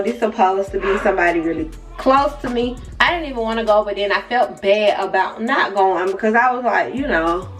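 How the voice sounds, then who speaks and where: A young woman tells a story in a chatty, casual way, speaking right to her viewers with side remarks. Her voice sits at an ordinary middle pitch. The mic is set some way off, and faint music plays underneath. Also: fairly bright tone, distant mic. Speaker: vlogger.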